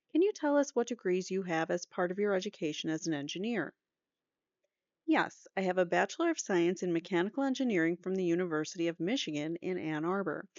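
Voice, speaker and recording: A woman host with a lowish, darkish voice reads aloud from a trial transcript, voicing both sides of the testimony. She often breaks off to laugh and make joking asides, and the recording is muffled but free of echo.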